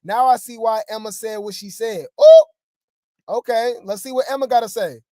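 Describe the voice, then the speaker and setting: A man's voice: very high voice, wildly swooping pitch, moderate pace, warm tone, slight background noise. A man hosting casual reality TV gossip commentary, rambling with fillers and asides to viewers.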